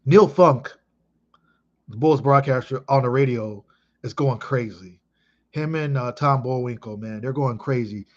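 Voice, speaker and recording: A man in his thirties from Chicago, reminiscing casually in an emphatic, excitable way with heavy swearing. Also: mid-range voice, unhurried, highs cut off. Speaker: vlogger.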